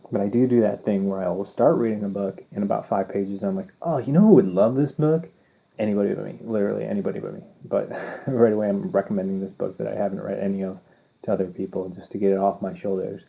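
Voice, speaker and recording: Gravelly-voiced man telling a rambling story. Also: lowish voice. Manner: rambling, self-deprecating, acts out quoted dialogue. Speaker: podcast host. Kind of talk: casual storytelling monologue. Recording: tinny phone-like audio.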